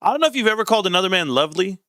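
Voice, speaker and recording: A man from California ranting casually on a livestream, animated and sarcastic, with frequent swearing. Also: high-pitched, very fast, no room sound, clean studio sound. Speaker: stock market streamer.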